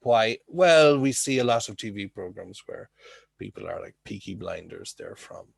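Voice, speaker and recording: A man's voice: on the low side, expressive, moderate pace, gravelly, husky, dry recording. A man teaching an English class over a video call, explaining with homely comparisons and checking in with frequent "okay?".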